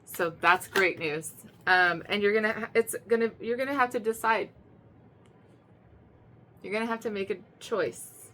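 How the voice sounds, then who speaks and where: A woman's voice: mid-range voice, normal speed, pauses often, slight background noise. Chatty woman doing a tarot reading. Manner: chatty, repeats herself, many fillers and restarts; emphatic, swings to loud excited bursts. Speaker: tarot reader. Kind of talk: casual spoken tarot reading.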